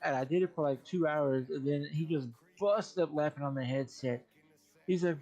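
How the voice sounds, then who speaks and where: A man's voice: fairly high pitch, brisk, darkish tone. A man on a stream casually telling gaming stories, cursing a lot and laughing often. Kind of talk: casual gaming story chat. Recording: dull lo-fi stream audio with faint music.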